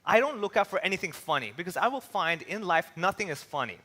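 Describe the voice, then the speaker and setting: A man from Hong Kong, a comedian giving an animated stand-up style talk on stage with a handheld mic, acting out little voices as he tells stories. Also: high-pitched, quick pace. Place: large hall with an audience. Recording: long hall reverb.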